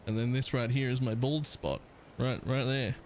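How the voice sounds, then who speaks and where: A man's voice: medium pitch, steady tone, normal speed, a little mellow, slight background noise, poor audio. A man with a partly Australian accent, chatting casually as a live streamer, rambling, laughing often and swearing.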